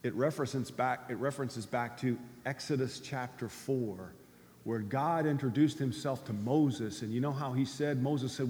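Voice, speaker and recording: A man preaching a sermon as a pastor, swinging between loud cries and low, quiet lines. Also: moderate pace. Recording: long hall reverb.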